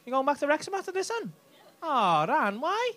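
A man's voice: very high voice, huge pitch swings, normal speed, fairly bright tone. A man doing stand-up crowd work, cheeky and teasing, swearing freely as he chats with people in the audience on a club stage. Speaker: stand-up comedian. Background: faint audience laughter.

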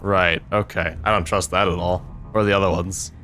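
A man's voice: low-pitched, fairly even intonation, normal speed, fairly bright tone, soft background music. A young man commentating a video game he is playing, sarcastic and swearing a lot in frustrated outbursts. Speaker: let's play gamer.

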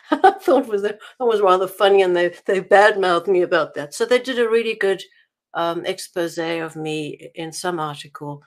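A woman's voice: on the low side, normal speed. A woman from South Africa being interviewed as an author, talking in a chatty way with many restarts. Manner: chatty, many restarts and laughs while telling anecdotes. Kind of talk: casual interview over a call.

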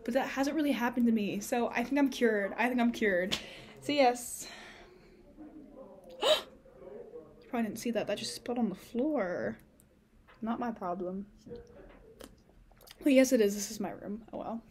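A breathless young woman talks casually to the camera from her dorm room, her pitch sitting a little high. She rambles and fills the gaps with lots of "like" and "um". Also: moderate pace, pauses often, darkish tone. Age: young adult. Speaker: college student vlogger. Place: dorm room on a college campus.

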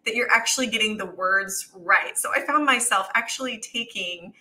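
Bright, chatty woman author. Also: mid-range voice, normal speed, poor audio. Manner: chatty, laughs often. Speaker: podcast co-host, author. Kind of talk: casual chat.

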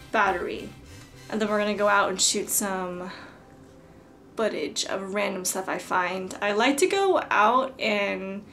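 A woman's voice: mid-range voice, a bit bright. A young woman vlogging at home, gushing breathlessly with lots of "like" as she unboxes a camera. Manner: gushing, breathless, filler-heavy ("like"). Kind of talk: casual vlog, unboxing a camera. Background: music playing.

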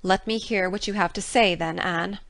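A woman's voice: medium pitch, fairly even intonation, normal speed, fairly bright tone, natural voice. A woman playing a stern, blunt middle-aged spinster in an audiobook drama, speaking in firm, clipped scolding tones.

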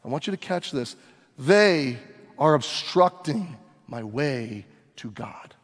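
Pastor dramatizing a story in a hall. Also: male voice, medium pitch, animated, slow pace. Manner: dramatic storytelling, acting out scenes. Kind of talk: sermon.

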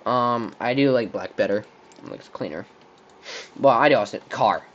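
With the highs cut off, a medium-pitched, fairly bright voice comes from a young man from Texas hosting a would-you-rather game on his channel. Speaking at a moderate pace in a room with a squeaky chair, he rambles and thinks aloud, restarting often and using lots of fillers.

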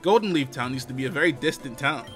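A man reading the lines of a townsperson in a game, telling the town's dark history in a low, hushed, even voice. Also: fast talker, soft background music, natural voice. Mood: somber.

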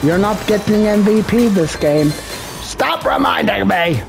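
A man giving casual gameplay commentary, excitable and full of profane trash talk. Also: sits high, unhurried, vocal fry. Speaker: gamer streaming gameplay. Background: game music.

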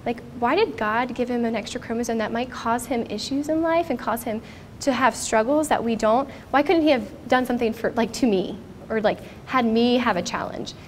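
A woman's voice: on the high side, moderate pace, hardly any pauses, slight background noise. Earnest woman telling her story. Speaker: conference speaker. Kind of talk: personal testimony talk. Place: conference stage.

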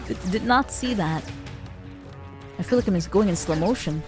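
A giggly woman streamer commenting on her game, her pitch bouncing all over the place while she talks at an unhurried pace. She stumbles and restarts her words in a playful, joking way. Faint music plays behind her desk mic. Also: animated, a little mellow.

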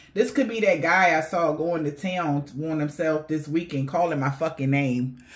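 A woman talks straight to her viewers through a tarot reading, loose and slangy, with plenty of swearing and laughter. Her voice sits a little low for a woman. She sounds animated and unfiltered throughout. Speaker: tarot reader.

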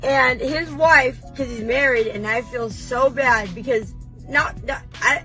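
A woman delivering a comedic confessional rant, brash, defiant and oversharing, with breathy laughs breaking in between lines. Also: sits high, unhurried, pushed and bright, faint music behind, poor audio. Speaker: vlogger.

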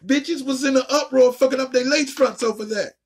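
A woman ranting casually and profanely while reacting to a show, with a raspy, gravelly voice. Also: sits high, brisk, a little mellow. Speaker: video reactor.

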